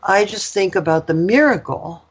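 A woman's voice: mid-range voice, animated, moderate pace, husky, dull audio. An older woman, a guest, telling a personal story in a candid, rambling way, with lots of fillers and laughter.

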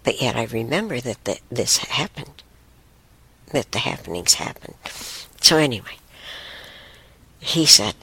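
Slow, husky woman, half whispering. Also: a bass voice, very animated, bright, forceful tone. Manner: drifts into a breathy whisper often; halting, with many restarts and pauses. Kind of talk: slow personal storytelling and spiritual teaching.

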